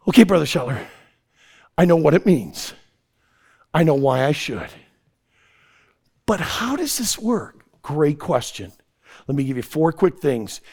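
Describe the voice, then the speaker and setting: A middle-aged man preaching to young people at a camp, telling a folksy story and swinging from hushed tones to shouting. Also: on the high side. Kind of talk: sermon story to youth.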